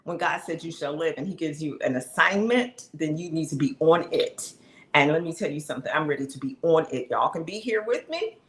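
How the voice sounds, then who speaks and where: A woman hosting her own live stream, chatting excitedly and preaching straight to her viewers. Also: sits low, brisk, roomy sound, slight background noise. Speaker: live show host.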